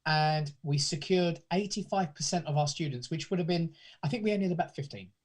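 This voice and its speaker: A British man who founded a pantomime academy talks as a guest in a casual interview. His voice is on the high side and fairly quick, and he rambles with many restarts.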